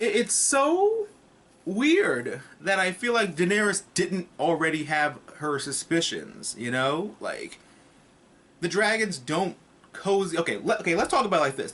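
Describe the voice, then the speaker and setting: In a casual vlog, a man with a fairly high, slightly bright voice reviews a TV episode. He rambles, swears, and throws in joking asides.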